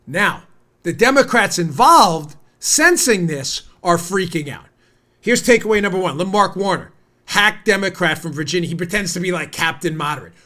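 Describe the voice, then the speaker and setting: Host, male, 40s, American, high-pitched and heated, indignant political commentator. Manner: heated and indignant, rising to near-shouting. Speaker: podcast host.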